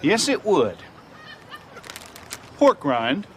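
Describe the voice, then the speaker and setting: An actor playing a folksy, deadpan male friend with dry wit. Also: sits high, very slow, background noise, exaggerated voice.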